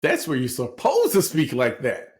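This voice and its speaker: A man in his forties co-hosts a podcast, telling stories in casual conversation with a medium-pitched voice at normal speed. He's an animated storyteller who laughs often.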